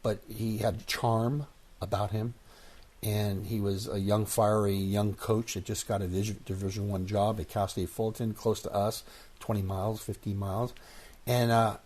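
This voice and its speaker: Older man in his sixties, low husky voice, lively interview guest who acts out quotes. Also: normal speed. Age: 60s. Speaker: guest, former baseball player. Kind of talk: casual storytelling interview.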